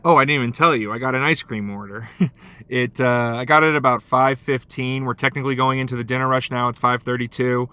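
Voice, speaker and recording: A man's voice: fairly even intonation, a little fast, bright, forceful tone, clean tone, no room sound. A man vlogging casually from his car about his delivery shifts, telling stories and acting out the voices of people he met. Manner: chatty storyteller, acts out quoted lines with big pitch jumps. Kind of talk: casual vlog monologue.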